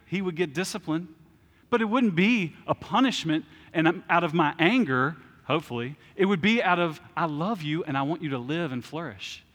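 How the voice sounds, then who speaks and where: A man's voice: fairly high pitch, a bit bright, big-room sound. A man in his thirties preaching a sermon as pastor, conversational, with asides and restarts.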